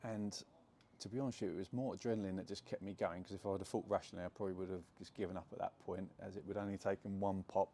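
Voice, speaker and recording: A man's voice: low-pitched, steady tone, very fast, creaky, hardly any pauses, warm tone, a little hiss or hum. A young adult man, chattily retelling a true story to camera with lots of fillers. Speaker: property investor telling a story.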